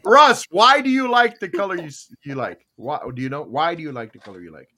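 A man hosting a casual podcast, chatty and quick to laugh, asking his co-hosts questions. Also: on the high side. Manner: animated, asks questions, laughs often. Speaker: podcast host. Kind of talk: casual chat.

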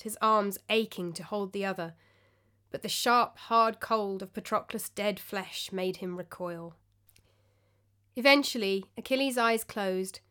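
Woman narrator, mid-range voice, steady scripted storytelling, faint music under her. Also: medium pitch.

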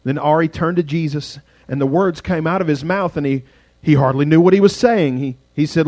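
A male pastor telling a dramatic story in a sermon, swinging from loud passages to hushed ones. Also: a little high, fairly quick, no room sound.

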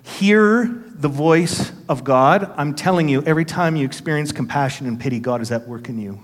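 A man's voice: on the high side, moderate pace. Earnest man preaching in a reverberant hall. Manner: storytelling, acting out quoted voices, earnest. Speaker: pastor. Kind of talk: sermon. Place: church sanctuary.

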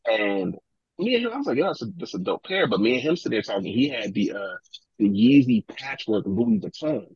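A man, a podcast guest, telling animated stories in casual talk, acting out other people's lines and swearing freely. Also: medium pitch, fairly quick, vocal fry, breathy edge, dry recording, dull audio. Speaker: podcast guest, sneaker collector. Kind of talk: casual storytelling.

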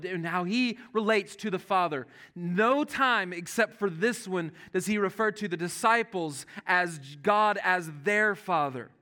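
A man preaching a sermon, animated and earnest, dropping to soft hushed tones when quoting scripture. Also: high-pitched. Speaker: pastor.

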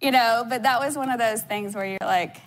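A woman's voice: a little high, brisk. A woman, a mother, telling a casual story in an interview, chatty and acting out voices with lots of "like". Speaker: mother of four, interview guest.

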